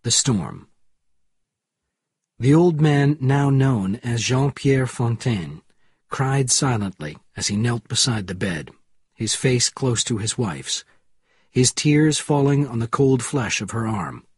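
A man with a husky, mid-pitched voice narrates an audiobook in a steady, measured way. The sound is close and dry, with no room around it. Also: no echo.

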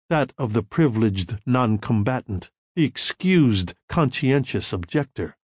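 A man narrating a novel as an audiobook, in measured, expressive storytelling. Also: mid-range voice, dry recording, clean studio sound. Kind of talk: scripted narration.

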